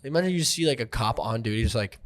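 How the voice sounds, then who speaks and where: Quick-talking male comedian host, animated storyteller who slips into voices, mid-pitched. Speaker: stand-up comedian, podcast host. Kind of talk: casual comedy chat.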